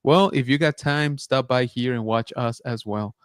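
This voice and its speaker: A man in a middle pitch hosts a relaxed livestream, rambling through stories and greeting viewers in the chat. His voice comes across close and dry, with no room sound. He keeps a loose, filler-heavy flow. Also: normal speed, clear, resonant tone, no room sound. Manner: chatty, many fillers, reads chat aloud. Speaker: podcast host.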